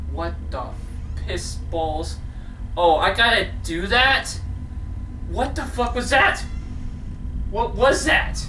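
A woman playing a horror game at home, commentating with frequent swearing and sudden screams. Her voice is bright and her delivery is unhurried. The sound is roomy and distant, with a faint hiss underneath. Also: on the low side. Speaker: gamer. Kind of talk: let's play commentary. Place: at home, indoors.

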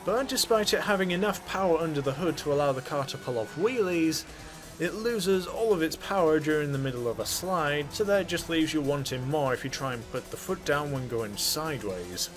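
A man's voice: on the high side, animated, moderate pace, music in the background. A man hosting a gaming channel, narrating a casual game review in a chatty, offhand way with jokey asides.

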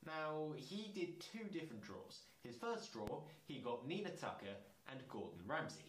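A man reads fan fiction aloud in a slightly high voice and keeps stopping to react in disbelief. His comic asides break up the reading. The room around him is echoey, with a faint hiss under the voice. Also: big pitch swings, normal speed, hardly any pauses. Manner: incredulous, breaks into laughter and asides. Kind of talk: comedic reading with commentary.

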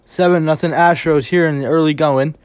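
Routine snaps get a calm delivery from this live play-by-play commentator, while big plays set off excited shouting. Pitch is medium, the pace a little fast, and there's no echo.

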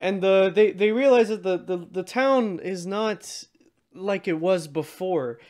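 Smooth-voiced laughing male co-host. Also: sits high, measured pace, a little mellow. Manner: laughs easily, retells scenes. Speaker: podcast co-host. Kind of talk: casual film review chat.

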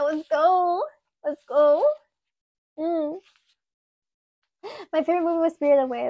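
A woman's voice: high-pitched, no echo, muffled recording. A woman in her late twenties hosting a casual live stream, chatting and giggling with her chat while sculpting clay. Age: 20s. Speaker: livestream host.

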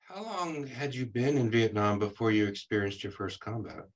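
A man's voice: on the low side, normal speed. A man interviewing a veteran, asking careful, probing questions with some hesitation. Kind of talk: oral history interview.

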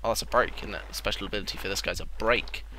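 A young man giving excitable, joking let's-play commentary, crude and sarcastic. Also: lowish voice, very fast. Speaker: gaming channel host. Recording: loud background noise.

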